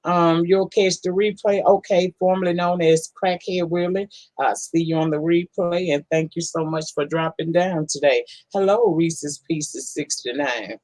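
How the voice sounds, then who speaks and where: A woman's voice: lowish voice, fairly even intonation, measured pace, few pauses, a little mellow, no echo, poor audio. A woman hosting a casual live-stream, greeting viewers one by one in a folksy, affectionate way. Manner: folksy, affectionate, calls people honey and baby. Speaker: livestream host.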